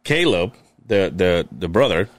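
The podcast co-host has a low voice and sounds animated yet unhurried, with no echo. Chatting casually, he tells a long, rambling story, cursing and restarting many times.

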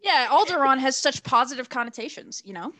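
A woman's voice: high voice, expressive, brisk, sharp tone. A woman co-hosting a podcast, teasing and jumping in with jokes. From Italy (heritage). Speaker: podcast co-host. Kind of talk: casual chat.

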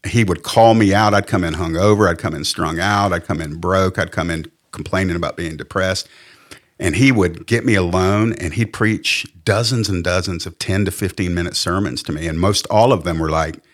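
A man's voice: low voice, steady tone, normal speed. A middle-aged man with a Southern American accent, a pastor telling his personal testimony in an earnest, candid, plainspoken way. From Southern United States. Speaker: pastor and podcast guest.

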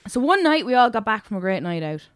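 A young woman co-hosting a casual podcast, telling an animated, sweary story. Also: on the high side, quick pace, clean tone, dry recording, studio quality. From Ireland. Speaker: podcast co-host. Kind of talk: casual chat.

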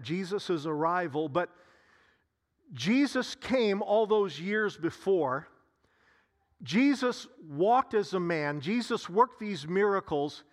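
Male pastor, sermon delivery, high voice, slow and deliberate, repeats key phrases. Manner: slow, repetitive preaching with dramatic pauses and sighs.

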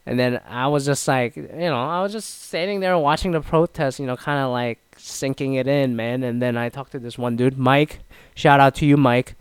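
A man's voice: normal speed, clean tone, no echo. A man from Canada casually telling a rambling story, swearing often and restarting his sentences, with many fillers. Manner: mimics others in higher, louder voices.

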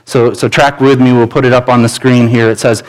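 A man's voice: medium pitch, little pitch movement, a little fast, rough recording. Male pastor, mid-range voice, preaching earnestly in church with a pleading tone. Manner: earnest, pleading, with repeated restarts. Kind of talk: sermon. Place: church sanctuary.

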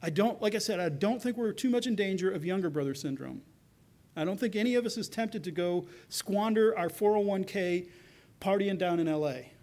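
A man preaching a sermon, earnest, acting out quoted voices and dropping soft for tender lines. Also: sits high, a little fast. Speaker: pastor.

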